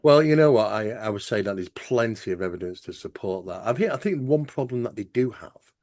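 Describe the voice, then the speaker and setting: A man with a mid-range voice hosts a casual podcast chat, his pitch rising and falling a lot as he explains things. The sound is dry and close, and his delivery is loose and conversational. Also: expressive, a little fast, a little mellow, dry recording. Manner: conversational, explanatory, heavy use of "you know". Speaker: host.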